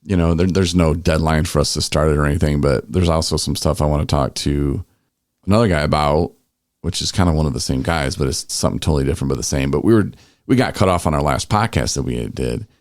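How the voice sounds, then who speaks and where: A man with a very deep, gravelly voice hosts a podcast in a loose, rambling way. He restarts his sentences often, and the sound is dry and close to the mic. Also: dry recording. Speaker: podcast host. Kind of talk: casual podcast chat.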